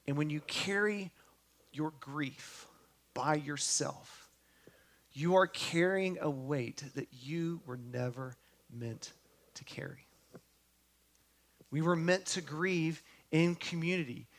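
A man preaching a sermon, talking earnestly and straight to his congregation, often asking them questions, his voice sinking to a hush on tender lines and lifting again on words of hope. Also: a little high, takes it slowly, long pauses. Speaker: pastor.

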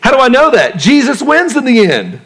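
A man preaching a sermon to a congregation, talking in a relaxed way, asking them questions and joking in casual slang. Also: very high voice, normal speed, creaky, breathy edge. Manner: conversational, asks the congregation questions; uses casual slang and jokes. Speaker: pastor.

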